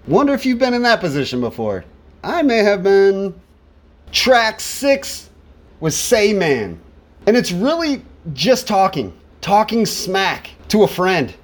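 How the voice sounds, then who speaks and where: A man's voice: high-pitched, sing-song, slow. A man casually talking through an album track by track, repeating words for emphasis. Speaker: music reviewer. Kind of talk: casual spoken album review.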